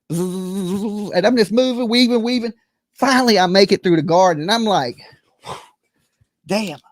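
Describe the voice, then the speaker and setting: Streamer spinning a comic tale, lively up-and-down delivery, dry close sound, keeps asking "right?". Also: medium pitch, no room sound. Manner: animated, acts out scenes with buzzing sounds and quoted voices; rambling, keeps checking in with "right?" and "okay?". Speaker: live streamer. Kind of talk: comedic storytelling to a live audience.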